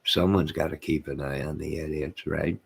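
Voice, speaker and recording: A man's voice: a bass voice, fairly even intonation, moderate pace, gravelly, slightly rough. A man hosting his own channel, rambling to his live chat, reading out comments and laughing to himself. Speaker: channel host.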